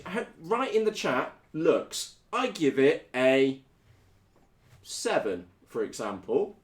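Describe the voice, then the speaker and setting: Lively British man in an echoey room. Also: fairly high pitch. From United Kingdom. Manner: blunt, energetic, slangy. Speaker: RC hobby video host. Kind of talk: casual live-stream chat.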